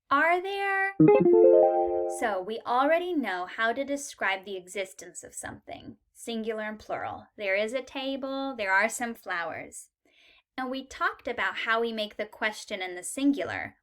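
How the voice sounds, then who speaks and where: Slow, patient woman teaching English. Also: a little high, sharp tone. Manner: patient, emphatic modelling of sentences. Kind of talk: slow, clear language lesson.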